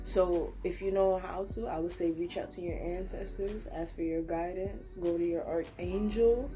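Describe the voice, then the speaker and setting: A woman's voice: fairly low pitch, fairly even intonation, normal speed, warm tone, faint music behind. A young woman giving a casual, rambling pick-a-card tarot reading to camera, talking earnestly and reassuringly. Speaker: tarot reader.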